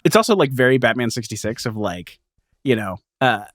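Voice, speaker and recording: A man's voice: mid-range voice, lively intonation, fairly quick, fairly bright tone, no echo, clean studio sound. A man co-hosting a podcast, casually summarizing a comic book issue and laughing often as he retells scenes. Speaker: podcast co-host.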